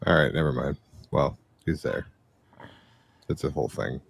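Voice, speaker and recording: A man playing in a tabletop game, wry and joking, with a deadpan delivery. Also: very deep voice, normal speed, vocal fry, husky, dry recording. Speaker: player. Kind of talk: casual tabletop play.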